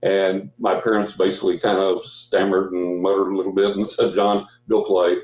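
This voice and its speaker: A man's voice: sits low, little pitch movement, a little fast, a little mellow, echoey room, dull audio. A man in his sixties, a guest psychic, telling a long story in a casual rambling way with restarts and quoted dialogue.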